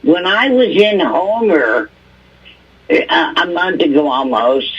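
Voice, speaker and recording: A woman's voice: on the low side, lively intonation, takes it slowly, husky. An older woman from Alaska calling in to testify at a hearing, talking bluntly and with exasperation. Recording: muffled distant phone line.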